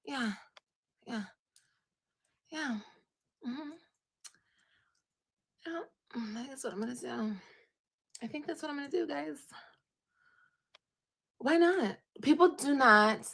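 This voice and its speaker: A woman's voice: a little high, expressive, slow pace, vocal fry, pauses often, a bit bright, slightly rough. A pregnant woman ranting on a livestream, profane, repetitive and defiant. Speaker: livestreamer in a played clip.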